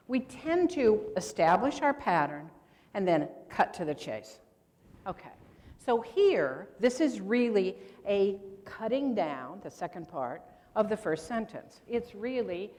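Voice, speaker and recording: A woman's voice: medium pitch, sing-song, unhurried, darkish tone. Lady speaker at a convention, quizzing the crowd, jokey asides, big echoey hall. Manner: quizzes the audience with rhetorical questions; playful asides. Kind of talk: lecture to an audience. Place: convention meeting room. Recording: long reverb from a large room.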